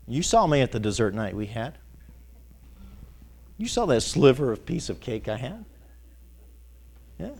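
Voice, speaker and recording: Folksy preacher calling out questions. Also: male voice, medium pitch. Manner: call-and-response questions to the congregation; folksy storytelling with chuckles. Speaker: pastor. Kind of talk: sermon.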